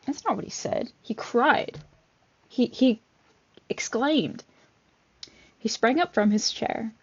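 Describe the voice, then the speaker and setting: Gravelly woman reading a storybook aloud. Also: fairly high pitch, slow pace. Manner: chatty asides with fillers. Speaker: vlogger reading a picture book. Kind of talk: casual read-aloud with commentary. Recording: dull lo-fi recording.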